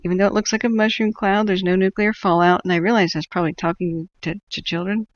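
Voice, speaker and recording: While tracking wildfires on a livestream, a northern California woman chats casually, rambling through stories and laughing often. She talks fast in a steady, mid-range voice, and the sound is lo-fi.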